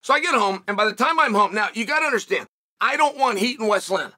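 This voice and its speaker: A middle-aged man hosts a casual studio monologue, spinning a story with lively swings up and down in pitch. His voice is bright and carries a husky edge. He jumps into the quotes he is telling, acting them out as he goes. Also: fast. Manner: animated, acts out shouted quotes. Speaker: show host.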